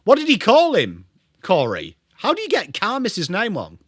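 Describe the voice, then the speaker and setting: A young man with an English accent hosts a live football watchalong, moving between calling the play and greeting his chat by name. His voice is bright and fairly high, with a lively, bouncing pitch. The sound is dry and close. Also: normal speed, dry recording. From England. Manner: chatty, greets viewers, lively. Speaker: livestream host.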